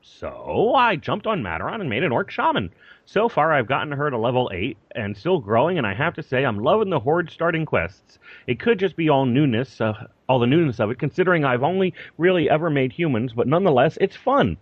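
A man's voice: mid-range voice, sing-song, a little fast, husky, no room sound. A man co-hosting a casual gaming podcast, reading a listener email aloud with chuckles and apologies. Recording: dull lo-fi dry podcast mic.

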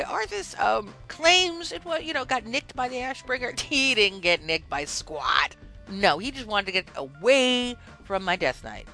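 A woman hosting a podcast, telling comic game stories in an animated, joking way. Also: medium pitch. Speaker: podcast host.

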